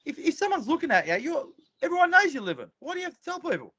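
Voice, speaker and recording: A man with a high voice tells his courtroom stories with insistent emphasis. He repeats phrases and acts out the exchanges with the judge. The recording sounds dull and lo-fi. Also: very animated, fast talker, sharp tone, dry recording. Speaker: guest speaker. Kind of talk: animated storytelling talk.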